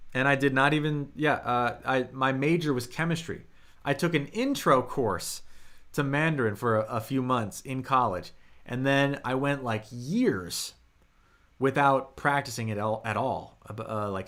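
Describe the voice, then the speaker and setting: A young man from the United States leads a live online language lesson. His voice is bright and forward. He talks in a loose, chatty way, answers viewers' questions and demonstrates tones. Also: medium pitch. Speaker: Mandarin teacher.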